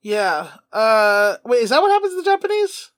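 A high-voiced man co-hosting a comedy podcast, excitable and quick to laugh as he swears his way through a cartoon recap. The sound is dry and close, with no room echo. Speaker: podcast co-host. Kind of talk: casual comedic chat.

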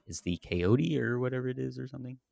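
Clean studio sound with no room echo carries a gravelly, mid-range male voice talking fast. He's a podcast co-host, relaxed and rambling, laughing often as he casually chats about a TV series.

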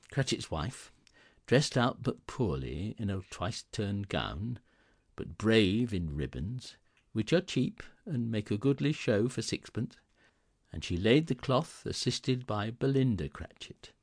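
A man giving an expressive, theatrical reading of a classic novel as narrator. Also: on the low side, breathy edge, no room sound, studio quality.

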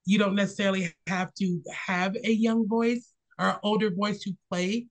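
A woman's voice: medium pitch, steady tone, moderate pace, low-quality recording. A woman chatting casually in an encouraging way as a machinima creator in a roundtable.

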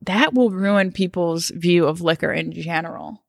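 A woman co-hosting a podcast, chatting casually and telling stories in an animated, chatty way. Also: on the low side, unhurried, vocal fry, dry recording, clean studio sound. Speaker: podcast co-host. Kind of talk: casual chat.

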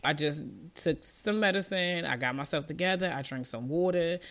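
A woman's voice: deep voice, moderate pace, a bit bright. A woman in her thirties talking casually to viewers outdoors, rambling with lots of likes and restarts while she recovers from a lost voice. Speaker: vlogger. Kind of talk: casual chat to camera. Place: outdoors in the wind. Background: wind noise.

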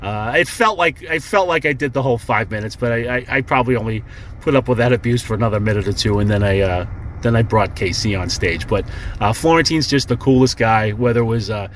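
A man's voice: mid-range voice, brisk, slight background noise. A man calling in to a podcast, telling a rambling comic story full of swearing and "he goes". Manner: profane, rambling, lots of "he goes" retelling. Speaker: caller leaving a message for a podcast. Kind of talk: casual comedic storytelling.

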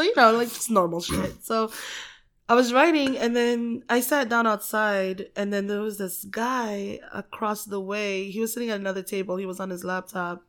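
A woman in her twenties spins a lively personal story, laughing easily and playing up the funny parts. She talks at an ordinary middle pitch, in a casual chat recorded in a small apartment. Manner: animated storyteller, laughs a lot.

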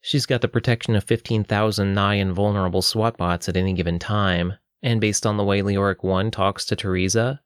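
A man narrating an audiobook in a steady, even storytelling manner. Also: low voice, smooth, no room sound, clean studio sound.

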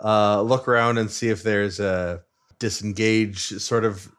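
A man's voice: lowish voice, steady tone, unhurried, fairly bright tone, smooth. A man playing a tabletop game, hesitant and thinking aloud. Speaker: player.

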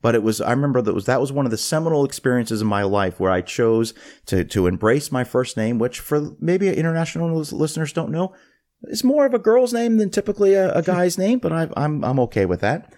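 A man hosting a podcast, telling a personal story in a casual, animated way and often restarting his phrases. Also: mid-range voice, fairly quick. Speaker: podcast host.

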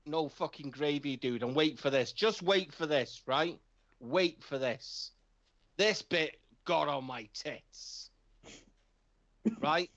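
A man's voice: fairly high pitch, slow, a bit bright, lo-fi sound. A man with an English accent telling a comedic story, acting out both sides of the dialogue as he rants.

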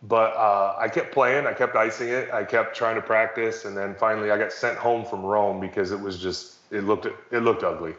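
A man with a low, settled voice spins long, rambling anecdotes, correcting himself midway and slipping in dry jokes. The sound is roomy and a little dull, as if captured in an echoey space. He is middle-aged and talks like a former athlete looking back. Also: fairly even intonation, normal speed, few pauses, a bit bright. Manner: rambling, self-correcting, wry humor. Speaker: former pro basketball player as guest. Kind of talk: casual storytelling on a podcast.

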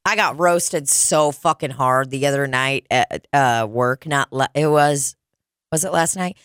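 A woman's voice: a bass voice, unhurried, a bit bright, clean tone, dry recording, studio quality. A young woman telling a story in casual podcast chat, joking and swearing freely. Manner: profane, jokey storyteller.

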